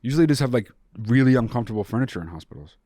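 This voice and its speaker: A man's voice: mid-range voice, lively intonation, rapid-fire, warm tone, no echo, clean studio sound. A young man hosting a podcast in casual chat, profane and jokey with mock outrage, a little nasal after being sick. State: slightly nasal after illness. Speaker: podcast host.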